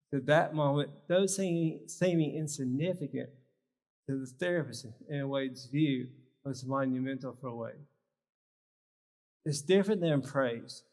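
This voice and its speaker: A man's voice: mid-range voice, darkish tone. A man giving a live workshop talk at a health symposium, teaching with short, emphatic phrases. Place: large church hall. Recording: long reverb of a large hall.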